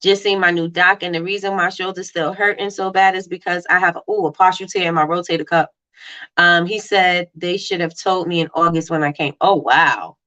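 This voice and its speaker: Brief: quick, animated woman host of a live business chat, bright voice. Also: on the low side, muffled recording. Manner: fast-talking, animated, reads out viewer comments. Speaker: livestream host. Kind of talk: casual live-stream chat.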